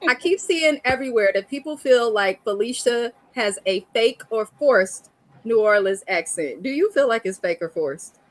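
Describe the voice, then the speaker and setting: A woman's voice: on the high side, lively intonation, normal speed, dry recording, low-quality recording. Chatty woman hosting a live review. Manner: chatty, laughing often. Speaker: host. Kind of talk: casual live review chat.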